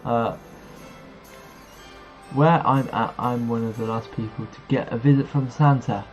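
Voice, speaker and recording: A man's voice: mid-range voice, fairly even intonation, a little slow. Chatty man hosting a livestream. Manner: chatty, reads viewer messages aloud and replies. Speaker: livestream host. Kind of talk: casual live-stream chat. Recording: slightly dull audio, faint music behind. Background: faint background music.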